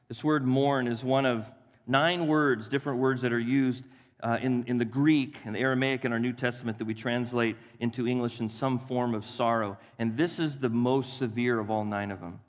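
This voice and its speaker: A man preaching a sermon as pastor, animated and acting out the voices of Bible figures for his congregation. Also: mid-range voice, normal speed. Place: church sanctuary. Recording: long hall reverb.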